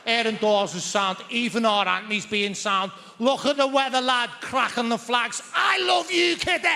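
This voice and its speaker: A comedian voicing an excitable Liverpool man with a Scouse accent, loud and brash, either cheery or fuming. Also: very high voice, normal speed, gravelly, full character voice. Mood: overjoyed. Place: large theatre stage. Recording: theatre reverb, faint noise.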